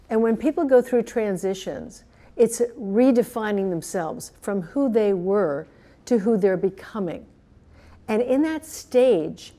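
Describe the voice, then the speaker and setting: Older woman talking about coaching, earnest, lists stuff one after another, mellow warm voice. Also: mid-range voice. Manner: earnest, builds long lists of phrases. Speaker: coaching pioneer. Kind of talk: reflective talk to camera.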